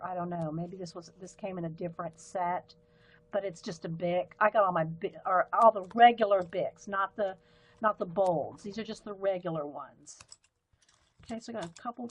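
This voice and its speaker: A woman's voice: mid-range voice, normal speed, rough recording. A woman, chatting casually on a live stream while sorting and showing her pens. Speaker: livestream host.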